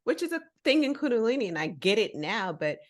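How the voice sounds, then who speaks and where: A woman from the U.S. with a fairly high voice, speaking a little fast, hosts a casual podcast. She's animated while relating something that happened to her, voicing the other people in the story herself.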